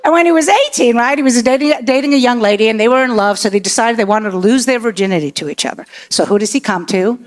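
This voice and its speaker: A woman's voice: fairly high pitch, fast talker, few pauses. A woman doing profane stand-up comedy with crowd work on a comedy club stage. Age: 60s. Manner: brash, profane storytelling. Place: comedy club stage before a live audience.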